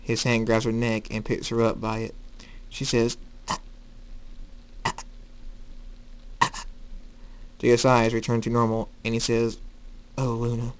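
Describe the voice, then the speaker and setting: A man's voice: medium pitch, completely flat delivery, normal speed, few pauses, clean tone. Man narrating an amateur story, plain reading, occasional restarts. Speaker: fan fiction reader.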